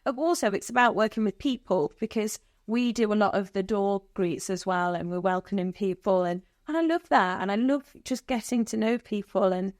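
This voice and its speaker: A woman's voice: mid-range voice, a little mellow, dry recording. A British woman singer, a guest on a podcast, chatting casually and rambling, laughing often. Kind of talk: casual interview chat. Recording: dry podcast studio.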